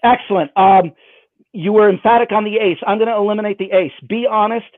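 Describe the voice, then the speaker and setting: A man's voice: high voice, steady tone, brisk, no room sound. A man performing magic for someone over a video call, with playful, self-mocking patter. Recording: dry, phone-like band.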